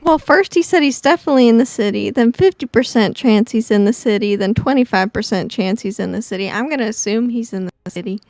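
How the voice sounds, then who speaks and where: A woman's voice: a little high, a little fast, hardly any pauses, darkish tone, no room sound, studio quality. A woman playing a tabletop game, chatting playfully with the table. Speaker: player. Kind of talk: casual tabletop play.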